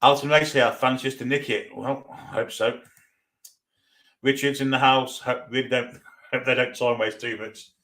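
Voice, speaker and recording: A man's voice: mid-range voice, steady tone, moderate pace, a bit bright. Chatty Geordie man hosting a fan stream. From North East England. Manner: chatty, reads out viewer comments with banter. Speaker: fan watchalong host. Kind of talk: live stream chat reading.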